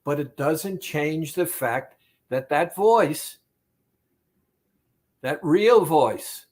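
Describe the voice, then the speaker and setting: Male therapist, fairly high voice, slow and emphatic, motivational talk straight to the listener. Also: expressive, darkish tone. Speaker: weight-loss therapist.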